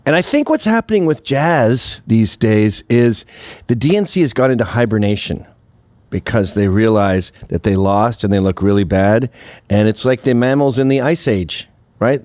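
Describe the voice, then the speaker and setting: A man's voice: on the low side, a little mellow, no room sound. A man hosting a show, talking through a sarcastic, profane monologue and laughing at his own jokes. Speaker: host. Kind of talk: casual monologue commentary.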